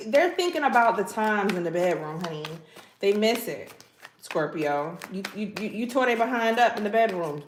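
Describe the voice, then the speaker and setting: A woman giving a casual tarot reading, chatty and playful, talking straight to her viewers with lots of asides. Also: medium pitch. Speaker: tarot reader. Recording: echoey room with faint background noise.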